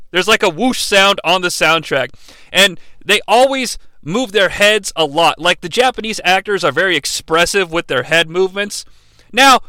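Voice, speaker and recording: A man's voice: sits high, pushed and bright, clean tone, no room sound. A young man giving a comedic movie recap in a sarcastic, profane way. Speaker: movie reviewer.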